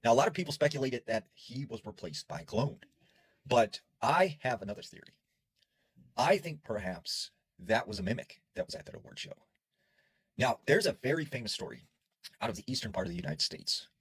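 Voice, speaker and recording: A man's voice: medium pitch, lively intonation, a little fast, fairly bright tone, breathy edge, low-quality recording. A man casually telling a spooky story in a chatty way, dropping filler words as he goes. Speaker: horror storyteller.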